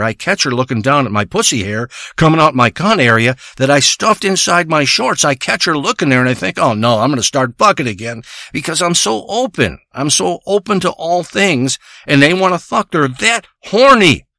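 A man's voice: fairly high pitch, sing-song, moderate pace, few pauses, bright, forceful tone, no echo, studio quality. A man delivering a crude, rambling comic monologue, ranting and swearing as he tells a story.

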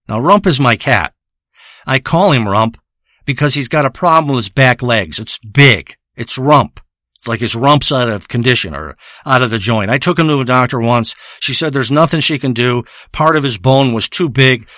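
Man, crude profane rambling monologue, bright edgy voice, dry close sound. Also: mid-range voice, dry recording. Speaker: comedic storyteller.

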